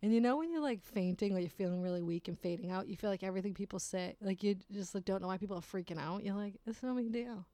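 A woman's voice: medium pitch, fast, hardly any pauses, mellow, no echo. A woman telling a rambling personal story in a casual way, swearing often and laughing at herself.

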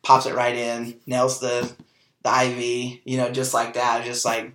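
Bright-voiced man telling a story in an echoey room. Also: mid-range voice, unhurried. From Kansas, US. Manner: animated storyteller, acts out quoted dialogue, frequent fillers. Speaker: podcast host. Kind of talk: casual personal storytelling.

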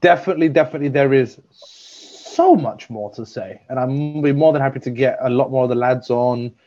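A man in his twenties, hosting and telling stories in a playful, animated way among old friends. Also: mid-range voice, fairly quick. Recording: dull lo-fi sound.

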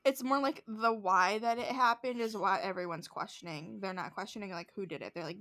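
A woman's voice: mid-range voice, brisk, few pauses, bright, forceful tone. A woman in casual podcast chat, recapping a show with lots of fillers and acted-out quotes. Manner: chatty, heavy use of "like", acts out quotes. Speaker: podcast co-host.

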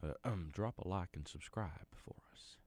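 A man's voice: deep voice, normal speed, a little mellow. A middle-aged man with a Southern US accent, hosting a podcast in a folksy, rambling, mock-earnest comedic monologue. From Arkansas. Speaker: podcast host.

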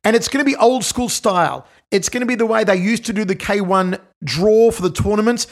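A man's voice: high voice, a little fast. A man hosting a podcast, talking in an upbeat, enthusiastic way. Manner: upbeat, enthusiastic promo delivery. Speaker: podcast host. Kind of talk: casual podcast chat. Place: home studio in Melbourne.

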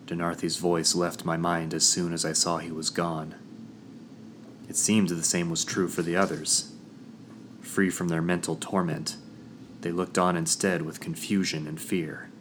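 A man narrating a first-person fantasy audiobook in a measured, dramatic storytelling manner. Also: deep voice, flat delivery, fairly bright tone, a little hiss or hum.

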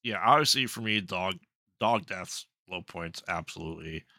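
A man's voice: sits low, moderate pace, bright, forceful tone, dry recording, studio quality. A man co-hosting a podcast, chatting casually about a film in a laid-back way, often giving short agreeing replies. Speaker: podcast co-host. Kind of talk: casual film review chat.

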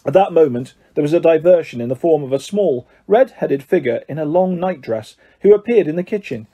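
A man reading a children's fantasy story aloud, narrating in a steady, measured way. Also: on the high side, breathy edge. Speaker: audiobook reader.

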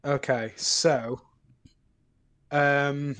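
A man's voice: medium pitch, fairly even intonation, extremely slow, a bit bright. A young man co-hosting a casual film podcast, teasing and joking with his partner. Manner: teasing, jokey, laughs often. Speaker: podcast co-host.

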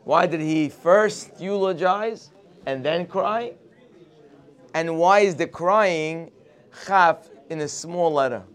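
A man teaches a morning Torah class in a slightly high, clean-toned voice at a slow pace. As a religious teacher, he tells the story expressively, weaving Hebrew quotes in with English.

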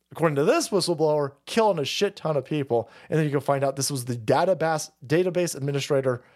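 Brief: a loud, swearing male streamer with a slightly high, bouncy voice, rambling through chat reads. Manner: rowdy, foul-mouthed, rambling with restarts. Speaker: livestream host reading viewer chats. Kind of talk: casual profane stream commentary.

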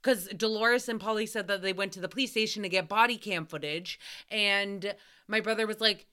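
A young woman hosting a podcast, telling stories in a casual, animated way, swearing freely and acting out what people said with loud outbursts. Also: medium pitch, fairly quick, smooth. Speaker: podcast host. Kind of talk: casual storytelling recap.

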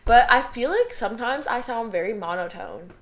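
A woman's voice: fairly high pitch, animated, moderate pace, fairly bright tone. Chatty young woman with catchphrases. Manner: repeats catchphrases, rambling, chatty. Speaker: podcast co-host. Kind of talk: casual chat.

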